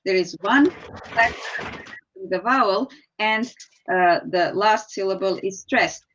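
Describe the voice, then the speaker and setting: A woman teaches English grammar online, explaining each rule patiently and step by step. Her voice sits at a middling pitch and comes through a somewhat dull, lo-fi call connection. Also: a little slow, background noise. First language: Serbian. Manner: patient, explanatory, calls on students by name.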